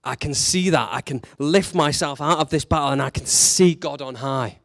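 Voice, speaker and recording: A man's voice: fairly high pitch, normal speed, creaky, a bit bright, no echo. Male preacher, conversational sermon delivery, rhetorical questions, dry and upfront. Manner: conversational and candid, with rising emphatic questions.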